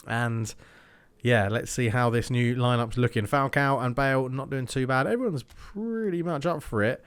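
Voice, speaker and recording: A young man talks his way through a football video game in a relaxed, chatty flow. He thinks aloud as he plays and drifts into mock match commentary, his pitch sitting in an ordinary middle range. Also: moderate pace, clear, resonant tone. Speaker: gaming YouTuber. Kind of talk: casual gameplay commentary.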